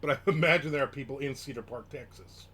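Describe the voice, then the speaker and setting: A man's voice: mid-range voice, fast talker, pushed and bright, a little hiss or hum. Chatty man rambling on a live stream. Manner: chatty, rambling, reads chat aloud. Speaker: livestream host. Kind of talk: casual live-stream chat.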